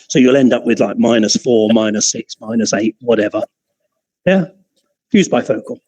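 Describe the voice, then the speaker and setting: A man's voice: medium pitch, expressive, moderate pace, darkish tone, low-quality recording. A man teaching an optics class in an informal, chatty way, often digressing and restarting his sentences. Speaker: optics lecturer.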